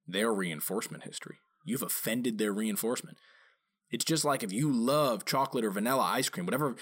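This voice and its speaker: A man who trains dogs, explaining in an informal talk and stressing points by repeating key phrases. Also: a bit bright. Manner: acts out quoted voices with big pitch jumps. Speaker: dog trainer.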